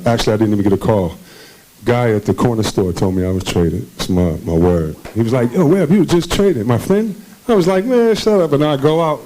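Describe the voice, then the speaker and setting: On a conference stage, a man who once played basketball shares animated, casual stories in an interview, mimicking the people he quotes and laughing frequently. He has a lowish, warm voice, and the poor audio carries slight background noise.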